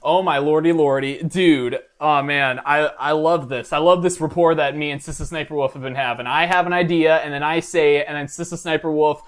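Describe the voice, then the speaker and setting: A man's voice: on the high side, fairly even intonation, brisk, few pauses. A young man, a college student, rambling through a comedic reaction commentary with lots of fillers and restarts in a mock-earnest way. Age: young adult. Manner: mock-earnest, self-deprecating. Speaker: reaction video host.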